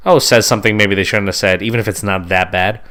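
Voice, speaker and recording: A man's voice: fairly low pitch, fairly even intonation, fast, bright, forceful tone. A man co-hosting a podcast in casual chat, rambling and stringing his thoughts together with "like" and "right?". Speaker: podcast co-host.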